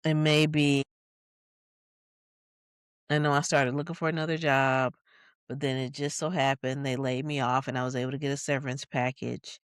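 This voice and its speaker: A podcast co-host from Michigan telling a personal story in a reflective way, with many fillers and quick bursts of narration. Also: mid-range voice, little pitch movement, clear, resonant tone, no room sound, clean studio sound.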